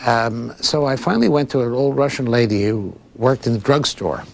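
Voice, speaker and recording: A man's voice: mid-range voice, lively intonation, moderate pace, gravelly, dry recording. A man in his sixties from Philadelphia, giving long, thoughtful and digressive interview answers as a librarian, with frequent restarts. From Philadelphia, United States. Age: 60s.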